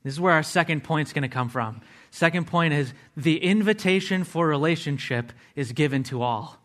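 A man's voice: fairly high pitch, moderate pace, a bit bright. A man preaching a sermon, earnestly explaining word meanings step by step and adding casual asides to his listeners.

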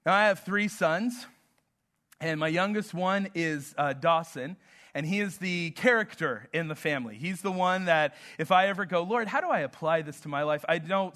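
A man preaching a sermon, telling family stories with humor and a slow, emphatic delivery. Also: on the high side, pushed and bright. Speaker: pastor.

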